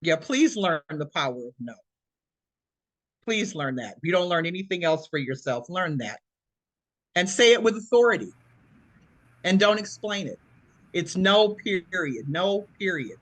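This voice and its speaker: A woman's voice: on the low side, sing-song, moderate pace, pauses often, dry recording. A woman around sixty giving a motivational talk over a video call as presenter, emphatic and preacherly, repeating her points.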